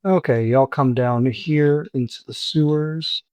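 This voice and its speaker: A man's voice: fairly high pitch, unhurried, darkish tone, no room sound. A man narrating as game master of a tabletop game, describing scenes steadily with frequent fillers.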